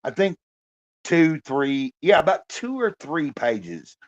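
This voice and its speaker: In a muffled recording, a man with a voice on the high side and big pitch swings speaks slowly. His vlog is a casual, meandering monologue, full of fillers with the occasional swear word.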